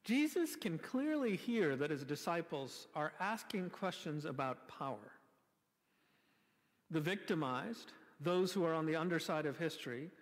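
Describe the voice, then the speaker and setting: Male pastor, sermon delivery: expressive, wry, rhetorical, slightly high voice, church reverb. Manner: animated, rhetorical questions, wry asides. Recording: long reverb from a church hall.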